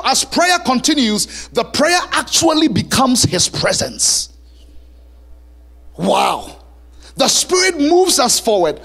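A male pastor preaching a sermon in a church, animated and lively, now and then singing a line. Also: very high-pitched. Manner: animated preaching, sings song lyrics and plays voices.

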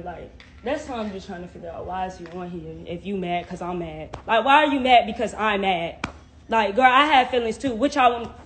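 A woman's voice: on the low side, background noise. A young woman venting on a phone live stream, confrontational and heavily profane, peppering everything with "like". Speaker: livestreamer.

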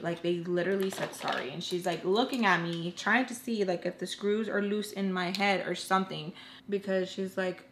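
A woman's voice: mid-range voice, brisk, roomy sound, a little hiss or hum. A young woman telling an emotional personal story in a casual, earnest way, filling her talk with lots of "like"s. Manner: chatty, filler-heavy with many "like"s.

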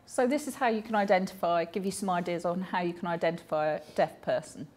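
A woman's voice: lowish voice, quick pace, a little mellow. A woman, voicing a deaf speaker's personal stories aloud in a chatty, anecdotal way, with small self-corrections along the way.

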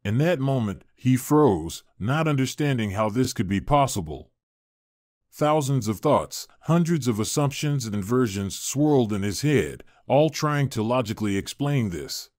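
A man narrating a scripted story in a steady, even reading voice. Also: medium pitch, unhurried, no room sound, clean studio sound.

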